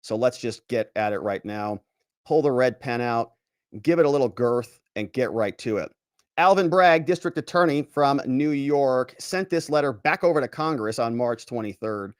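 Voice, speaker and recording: A man hosting a solo legal commentary show, animated and sarcastic as he reads and picks apart a letter. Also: mid-range voice, moderate pace, clean tone, no room sound, studio quality. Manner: animated and sarcastic, mocks quoted officials in pompous voices. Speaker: lawyer commentator, show host.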